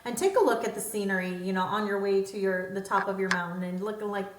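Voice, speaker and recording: A woman co-hosting a podcast in casual chat, animated, jumping high in pitch when acting out her own thoughts. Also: quick pace. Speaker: podcast co-host. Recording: echoey room, off-mic, faint background hum.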